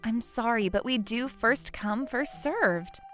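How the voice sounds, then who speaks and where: A woman's voice: on the high side, slow, fairly bright tone, faint music behind. A woman voicing a polite young female restaurant clerk who apologizes but holds firm. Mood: apologetic.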